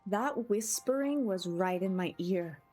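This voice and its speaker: Brief: chatty woman streamer, unhurried delivery, soft game music behind. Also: medium pitch, expressive. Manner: chatty, giggly, addresses chat. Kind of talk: casual game commentary.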